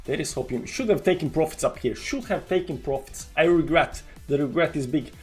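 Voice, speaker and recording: A man's voice: fairly high pitch, a little fast, breathy edge, soft background music. A man live-streaming his crypto trades, moaning in despair at losses and cheering at gains, talking to his viewers. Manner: swings between groaning despair and excited cheering; dramatic, self-mocking, talks to chat. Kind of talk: live-stream commentary on a trading chart.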